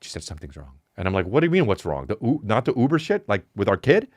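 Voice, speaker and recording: A man's voice: on the low side, big pitch swings, fast, a little mellow, no echo, studio quality. A man in his thirties telling a comedic story on his podcast, profane and exasperated, acting out what people said. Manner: profane, exasperated, acts out quotes.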